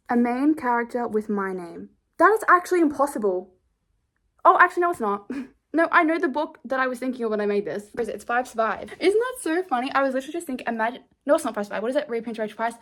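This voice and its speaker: A woman's voice: fairly high pitch, fairly bright tone. A nineteen-year-old woman chatting casually to camera as a book vlogger, rambling with giggly asides.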